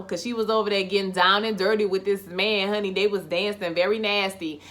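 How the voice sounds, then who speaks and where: A woman giving a sassy, expressive, profane recap of a TV episode. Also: mid-range voice, a little fast, hardly any pauses. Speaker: TV recap vlogger.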